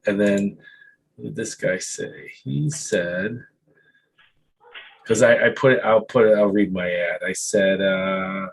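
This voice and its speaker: A man's voice: lowish voice, steady tone, slow, gravelly, pauses often, slightly rough, poor audio. A man hosting a podcast, talking in a chatty, self-interrupting way. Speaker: podcast host. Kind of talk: casual chat.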